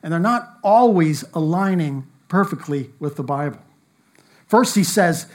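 A man preaching a sermon, reading scripture aloud in an earnest manner, with emphatic rises and soft drops. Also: a little high, expressive, normal speed. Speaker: pastor.

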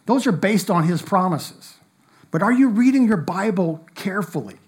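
A man preaching a sermon, reading scripture aloud in an earnest manner, with emphatic rises and soft drops. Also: sits high, expressive, moderate pace. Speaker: pastor.

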